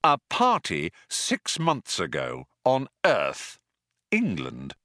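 A man's voice: sits low, huge pitch swings, slow pace, no room sound, studio quality, exaggerated voice. A man reading an audiobook, voicing an indignant, cold Earthman who speaks sharply. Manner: sharp, cold, trembling with anger. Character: indignant stiff earthman, young-ish man.

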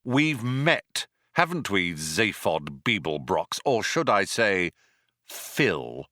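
A man's voice: on the low side, very animated, slow, no room sound, studio quality, full character voice. A man reading an audiobook, voicing an indignant, cold Earthman who speaks sharply. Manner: sharp, cold, trembling with anger. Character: indignant stiff earthman, young-ish man.

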